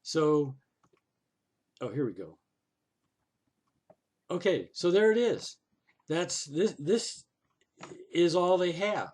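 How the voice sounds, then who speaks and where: A man's voice: fairly high pitch, animated, slow, long pauses, a little mellow. A man narrating a screen-recorded walkthrough, thinking aloud and sounding sarcastic and exasperated as he complains to the city council. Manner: thinks aloud, with frequent "oh" and "okay".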